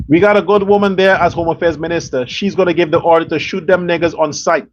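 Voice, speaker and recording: A man's voice: fairly high pitch, fairly even intonation, fast. A man hosting a political commentary show, ranting angrily with profanity, scorn and rhetorical questions. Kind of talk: angry political rant. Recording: dull lo-fi sound with faint noise.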